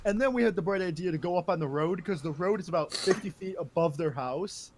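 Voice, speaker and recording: A man's voice: high voice, fast talker, background noise. A young man telling a profane story to friends on a casual podcast, rambling and often laughing. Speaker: podcast host.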